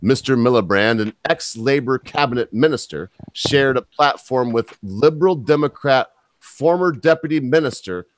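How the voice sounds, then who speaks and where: A man's voice: medium pitch, normal speed, no room sound. An American man hosting a podcast, reading news articles aloud and breaking off into blunt, mocking asides. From United States. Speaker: podcast host.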